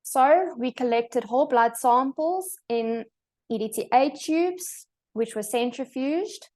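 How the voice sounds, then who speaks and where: Young south african woman reading slides on a video call, steady and formal, restarts a word here and there. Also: high voice, slow pace. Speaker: presenter. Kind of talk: academic presentation.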